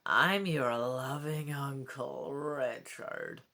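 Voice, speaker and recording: A woman reading aloud, voicing the cruel, croaking ghost of a murderous king who speaks slowly and with menace. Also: a bass voice, bright, forceful tone, voice pushed down, exaggerated voice. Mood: menacing. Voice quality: croaking, growling.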